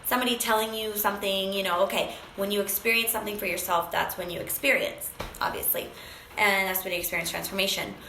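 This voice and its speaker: A woman's voice: mid-range voice, steady tone, quick pace, pushed and bright, echoey room, slight background noise, low-quality recording. A woman sharing an emotional personal story, acting out phone calls with many fillers. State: briefly tearful.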